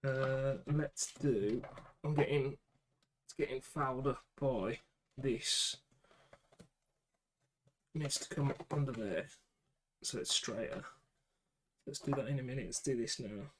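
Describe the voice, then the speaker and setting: A man's voice: mid-range voice, takes it slowly, long pauses, slight background noise, rough recording. A man with a British accent chatting casually to himself and the camera while building a computer, with muttered asides. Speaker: PC builder vlogger.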